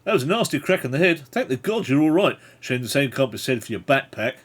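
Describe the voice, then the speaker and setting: A man's voice: medium pitch, big pitch swings, fast talker, voice pushed up. A man doing a blunt boat passenger. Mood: concerned. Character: gruff male longboat passenger, blunt.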